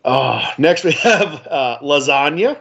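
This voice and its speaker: A man in his forties co-hosting a podcast, talking in a loose, rambling way full of "like"s and little chuckles. His pitch is ordinary. The audio is dull and muffled, with the highs cut off. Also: lively intonation, takes it slowly, gravelly, fairly bright tone, husky. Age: 40s. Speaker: podcast co-host. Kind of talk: casual chat.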